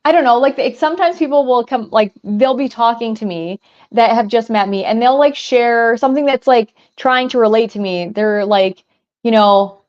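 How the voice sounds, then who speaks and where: A woman's voice: fairly high pitch, normal speed, a little mellow, muffled recording. A young woman co-hosting a podcast, telling a story in a chatty way, with lots of filler words. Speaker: podcast co-host. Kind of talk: casual chat.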